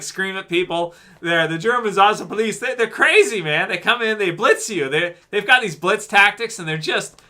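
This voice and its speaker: A man's voice: high voice, pushed and bright. A man hosting a casual livestream, chatting loosely with viewers and reading their comments, with plenty of fillers. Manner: laid-back, rambling, many fillers, calls listeners "man". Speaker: livestream host.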